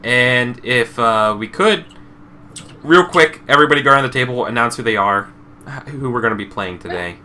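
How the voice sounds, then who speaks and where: A man's voice: medium pitch, normal speed, pushed and bright, slight background noise. A man hosting and running a tabletop game, rambling casually and trailing off with self-deprecating restarts. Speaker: game facilitator and show host. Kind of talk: casual chat while setting up a tabletop game.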